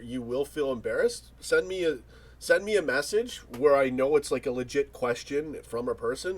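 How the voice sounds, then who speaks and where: A man hosts a casual live chat, reading out comments and rambling through jokes and banter. His voice is husky, and his pitch swings widely from line to line. He often restarts his sentences mid-thought. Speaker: livestream host.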